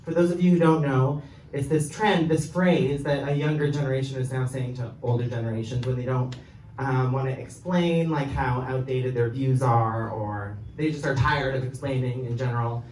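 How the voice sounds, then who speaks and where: A man's voice: medium pitch, fairly even intonation, normal speed, hardly any pauses, darkish tone, a little hiss or hum. A young man doing a stand-up set, rambling with fillers and chuckling at his own jokes. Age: young adult. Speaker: stand-up comedian. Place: comedy club stage. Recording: roomy live-show sound, mic off at a distance. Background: audience laughing.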